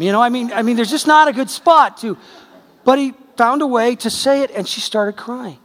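High-voiced man preaching in a reverberant hall. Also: expressive, normal speed. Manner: storytelling with acted quotes, conversational and emphatic. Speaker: pastor. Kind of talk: sermon.

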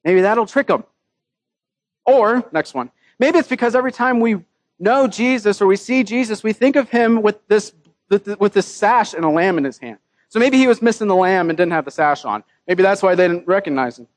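A man's voice: high-pitched, expressive, moderate pace, no room sound. A man preaching a sermon in a casual, joking way, with his own scripture readings mixed in. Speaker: pastor.

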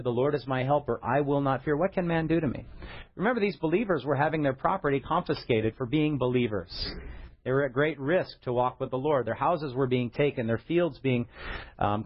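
A man's voice: mid-range voice, dull audio. A male pastor preaching a sermon in a conversational way, mixing light humor with scripture.

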